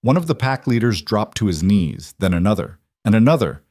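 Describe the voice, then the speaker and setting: A man narrating a scripted fantasy story in a dramatic, steady way. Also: lowish voice, a little fast, no echo, clean studio sound.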